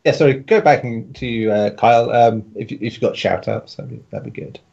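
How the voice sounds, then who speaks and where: A man's voice: mid-range voice, a little fast, creaky, darkish tone, husky. A man hosting a podcast in a laid-back, casual way, handing turns to guests. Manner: laid-back, chuckles between remarks. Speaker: podcast host. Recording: dull lo-fi audio.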